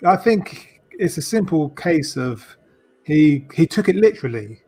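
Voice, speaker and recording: A man's voice: a little high, big pitch swings, a little slow, dark tone, breathy edge. A man co-hosting a casual film podcast, answering hesitantly and mostly agreeing. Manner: hesitant, short agreeing replies. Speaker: podcast co-host. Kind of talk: casual film review chat.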